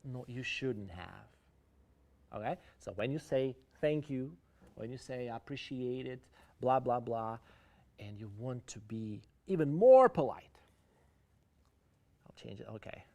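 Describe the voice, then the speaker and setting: A man's voice: medium pitch, lively intonation, unhurried, long pauses, mellow. Man, Ukrainian accent, English teacher, online lecture, addresses the chat. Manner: explains idioms, switching between English and Russian.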